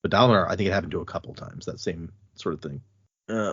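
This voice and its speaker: Husky-voiced man reading and chatting about a book. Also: low voice, quick pace, dry recording, dull audio. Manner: relaxed, with fillers and restarts. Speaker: podcast host reading aloud. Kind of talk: casual book discussion with read-aloud passages.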